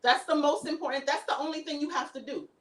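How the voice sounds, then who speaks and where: A woman speaks as a guest in a relaxed interview, with a voice sitting a little high. She talks earnestly and reflectively about her ideas and laughs easily between thoughts. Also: fast talker, poor audio. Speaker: guest, artist and comedian. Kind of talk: casual interview chat.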